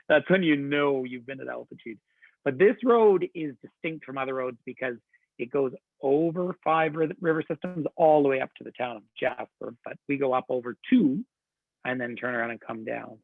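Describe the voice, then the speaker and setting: A man's voice: mid-range voice, vocal fry, no echo. A man working as a tour director, giving an enthusiastic, chatty webinar presentation. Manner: chatty, enthusiastic storytelling with laughs. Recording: tinny phone-like line, dry.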